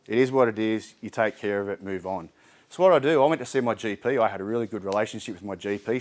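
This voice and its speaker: A man with an Australian accent giving a candid, chatty community talk on mental health, with frequent ums and restarts. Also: lowish voice. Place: indoor community hall.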